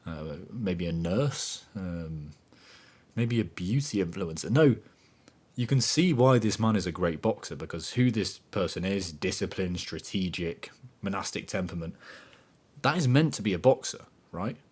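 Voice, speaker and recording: A man with a fairly low voice, hosting a casual motivational podcast. He talks in an animated, emphatic way, often swearing. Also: normal speed, husky. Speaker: podcast host.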